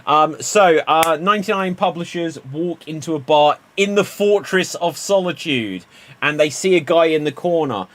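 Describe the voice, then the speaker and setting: A man hosting an improv show, telling quick pun jokes and calling on players by name. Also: a little high, a bit bright. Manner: quick punny joke-telling, calls on players. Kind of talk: improv joke game.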